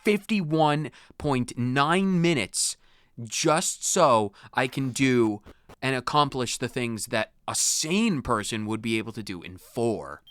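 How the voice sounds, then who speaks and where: A man's voice: mid-range voice, animated, takes it slowly, a bit bright, smooth, no room sound, clean studio sound. A man hosting a let's play, giving wry, joking game commentary.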